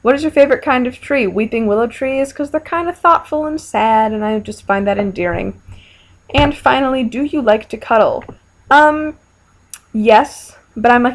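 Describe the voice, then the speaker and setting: A young woman vlogger answering viewer questions in a casual, frank and playful chat, with lots of fillers. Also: on the high side. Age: young adult.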